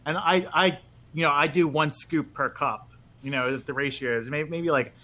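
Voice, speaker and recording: A man's voice: on the high side, normal speed, pushed and bright. A man co-hosting a podcast in casual chat, talking in a chatty, rambling way and restarting his sentences. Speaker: podcast co-host.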